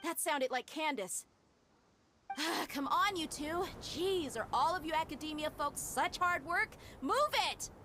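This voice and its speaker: Dehya, a tough female mercenary in a game, speaks in a brash, scolding voice that swings widely in pitch. There is a faint hiss of noise behind her. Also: very animated, moderate pace. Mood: impatient. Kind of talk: video game voice acting.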